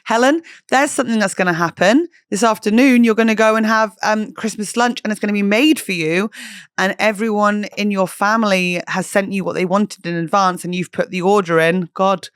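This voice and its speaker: A woman chats casually as a podcast host, poking fun at herself and swearing freely. Her voice sits at an ordinary middle pitch and is recorded close and dry, with no room echo. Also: fairly even intonation, brisk, smooth. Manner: chatty, self-mocking, jokey, swears freely. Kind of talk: casual chat.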